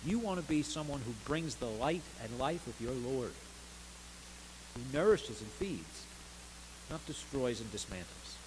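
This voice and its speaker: A man preaching a sermon as pastor of a church, earnest, rising to stressed words and dropping softly between them. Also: mid-range voice, expressive, measured pace, noisy background. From United States. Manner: earnest preaching with swells of emphasis and soft drops. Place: church sanctuary.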